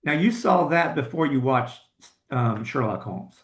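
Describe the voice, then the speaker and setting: A man co-hosts a podcast in casual, knowledgeable chat, with a teasing edge now and then. His voice sits at a middle pitch. The room around him rings with a noticeable echo. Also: animated, unhurried. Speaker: podcast co-host. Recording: echoey room.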